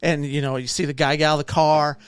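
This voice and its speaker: Quick and clear, a man with a fairly high, resonant voice co-hosts a laid-back podcast, acting out the people in his animated stories. There's no room sound in the recording.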